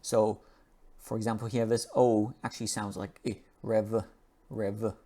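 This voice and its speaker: Low-voiced man teaching English pronunciation. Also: flat delivery, warm tone. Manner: slow and repetitive, drawing out and repeating sounds. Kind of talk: pronunciation lesson, reading an article aloud.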